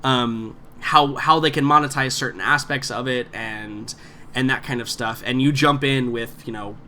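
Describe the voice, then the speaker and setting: A man's voice: mid-range voice, normal speed, sharp tone, a little hiss or hum. A man narrating as game master in a tabletop game, rambling with many fillers and restarts.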